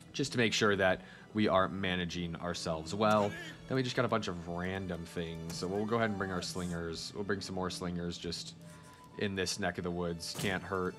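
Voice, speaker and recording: A man giving casual gameplay commentary as a video host, chatting straight to his viewers. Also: sits low.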